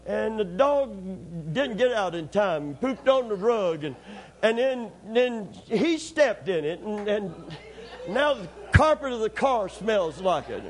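At a slow pace, a male preacher acts out scenes in his sermon. He swings between loud, excited bursts and hushed, low stretches.

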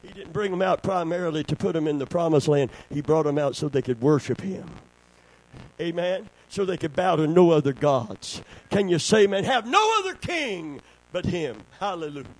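A man's voice: fairly high pitch, expressive, moderate pace, no echo. A man preaching a sermon, calling for amens and breaking into song. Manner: call-and-response, asks congregation for amens.

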